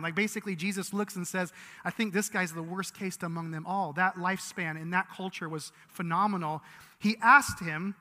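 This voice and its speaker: Bright-voiced man preaching. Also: high-pitched, fairly even intonation, a little fast. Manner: earnest, conversational preaching with frequent restarts. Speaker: pastor. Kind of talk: sermon. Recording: long reverb of a large hall.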